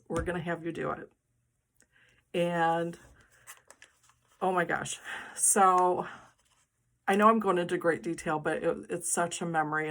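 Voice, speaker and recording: A middle-aged woman, the host, telling a personal story in a casual, animated and dramatic way. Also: on the low side.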